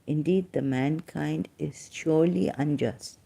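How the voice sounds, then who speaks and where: Slow, gravelly, halting man. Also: a little high, warm tone. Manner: slow, halting, with many hesitations and trailing asides. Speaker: live streamer. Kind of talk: solo live-stream monologue on religion.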